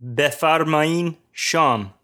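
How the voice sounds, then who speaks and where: A man's voice: fairly high pitch, drawn-out words, sharp tone. A man co-hosting a language lesson podcast as the learner, repeating new words back. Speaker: co-host, learner.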